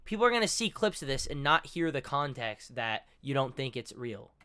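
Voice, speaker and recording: A man streaming his profane reaction commentary, mocking and scornful, quick to laugh. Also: medium pitch, big pitch swings, pushed and bright, clear, resonant tone.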